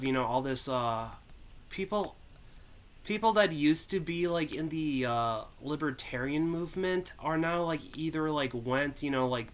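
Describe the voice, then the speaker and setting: A man's voice: a little high, a bit bright. A man giving casual commentary, rambling with many fillers and sighs. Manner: rambling, filler-heavy, sighing. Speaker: video commentator.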